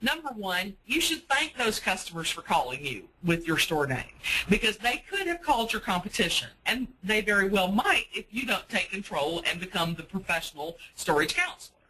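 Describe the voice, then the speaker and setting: A woman's voice: medium pitch, very animated, moderate pace, sharp tone, slightly rough, rough recording. A woman giving a sales-training webinar for self-storage managers, speaking in a practical, coaching way with frequent fillers. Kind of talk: webinar presentation.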